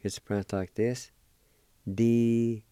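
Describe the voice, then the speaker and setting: A man teaching a language lesson, spelling and pronouncing words slowly, syllable by syllable. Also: on the low side, warm tone, no echo, clean studio sound. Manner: slow, deliberate, syllable by syllable. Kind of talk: slow spelling and pronunciation lesson.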